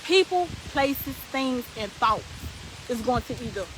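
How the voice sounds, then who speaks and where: A woman's voice: a little high, lively intonation, measured pace, heavy background noise. A young adult woman hosting a live stream, preaching emphatically to her viewers and repeating her points for weight.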